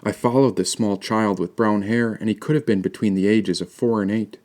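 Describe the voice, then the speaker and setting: Low-voiced male storyteller. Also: fairly even intonation, a little mellow. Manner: measured, descriptive storytelling. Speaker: narrator. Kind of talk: first-person audiobook narration.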